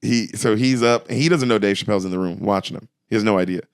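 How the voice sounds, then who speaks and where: Fast-talking, animated male comedian. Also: lowish voice, clean tone, no echo, clean studio sound. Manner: animated, swearing, excitable retelling. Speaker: stand-up comedian, guest. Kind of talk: casual storytelling chat.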